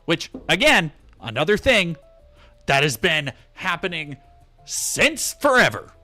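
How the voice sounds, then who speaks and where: A man commenting on a game he streams, sarcastic and ranting with plenty of swearing. His voice is bright and somewhat high. Soft music plays behind him. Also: very animated, takes it slowly.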